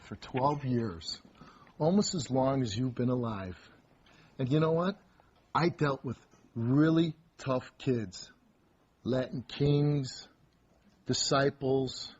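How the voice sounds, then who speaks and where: A man's voice: medium pitch, a little mellow, slightly rough, highs cut off. A man hosting a confrontational talk show on a TV studio stage, scolding and commanding a teenage guest.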